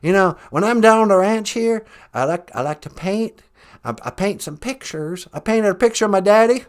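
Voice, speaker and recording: A man's voice: high-pitched, animated, normal speed, smooth. A man putting on a folksy, drawling, laid-back ex-president rancher in a comedic podcast chat.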